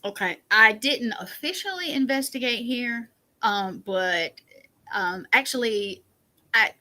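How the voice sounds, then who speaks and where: A woman's voice: on the high side, expressive, slow pace, sharp tone, poor audio. A woman from South Carolina with a Southern accent, chatting and laughing as a guest on an interview show. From South Carolina, USA. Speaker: podcast guest. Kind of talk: casual interview chat.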